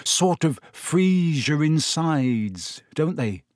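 A calm, wry teenage schoolboy, read by a man speaks in an even, reassuring way. It is a dry, close audiobook voice. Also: a little high, very slow, no echo.

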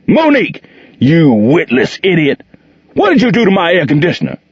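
A violent, raging brute, as a narrator puts him on, bellowing in a strained, raised, husky voice. He roars his words in fury. The recording is dull and muffled. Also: a little high, wildly swooping pitch, moderate pace, no room sound, voice pushed up, heavily acted. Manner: bellowing, furious. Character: violent, raging grown man.

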